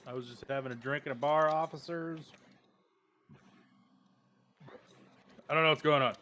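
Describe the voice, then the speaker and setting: A man playing a clueless, bumbling male orc in a lowered voice. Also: steady tone, very fast, bright, forceful tone. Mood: innocent.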